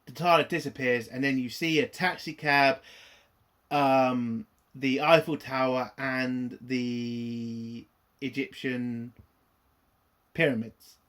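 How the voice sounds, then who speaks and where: A man's voice: mid-range voice, fairly even intonation, slow pace, a bit bright, slight background noise. A man ranting through a TV episode review, profane, exasperated and sarcastic.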